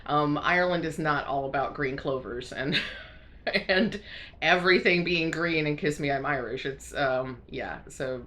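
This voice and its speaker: Stuffy-nosed american woman rambling on a craft vlog, low voice, lots of ums and little laughs. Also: unhurried, sharp tone. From United States. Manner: rambling, with many fillers and restarts; frequent self-conscious laughter. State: congested. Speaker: crafting vlogger. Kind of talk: casual chat to camera.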